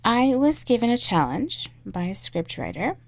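A woman's voice: on the high side, very animated, normal speed, creaky, no echo. A woman creator chatting casually to her audience, hesitant, with many fillers and laughs. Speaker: audio creator. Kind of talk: casual chat.

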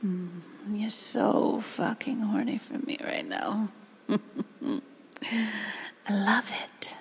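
A woman in a whispered role-play, giving slow, coaxing commands in a breathy whisper. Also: medium pitch, fairly even intonation. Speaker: ASMR performer.

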